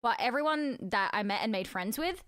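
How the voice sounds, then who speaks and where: Young woman streamer, giggly and foul-mouthed, with a bright, sharp tone and a close, dry sound. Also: on the high side, animated, brisk, dry recording. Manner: giggly, chatty, swears freely. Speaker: live streamer. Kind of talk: casual live-stream chat while playing a word game.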